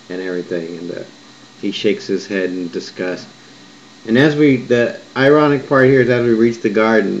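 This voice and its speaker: Low-voiced man, rambling monologue. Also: darkish tone, slight background noise. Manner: digressive, conversational, often restarts and self-corrects. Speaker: writer recounting a vision. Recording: muffled lo-fi recording with faint background ambience.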